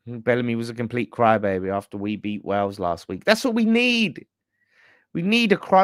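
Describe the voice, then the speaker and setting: A man's voice: mid-range voice, animated, normal speed, dry recording, clean studio sound. A man hosting a casual fan live stream, ranting bluntly with swearing and laughter. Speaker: fan channel host.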